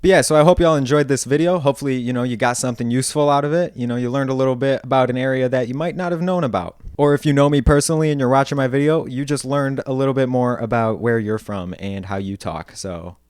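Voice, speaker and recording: A man's voice: medium pitch, fast, few pauses, a little mellow, clean tone, no room sound, studio quality. A man from upstate New York with an upstate New York accent, explaining in a slangy, laid-back, self-mocking way. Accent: Upstate New York (Northern Cities vowel shift). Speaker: vlogger. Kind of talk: casual explainer vlog.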